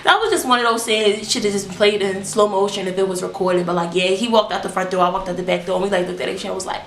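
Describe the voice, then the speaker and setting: A woman's voice: medium pitch, racing, background noise. Young woman telling a story, roomy echo. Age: young adult. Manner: candid, animated, profane storytelling. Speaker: vlogger. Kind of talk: casual storytime vlog.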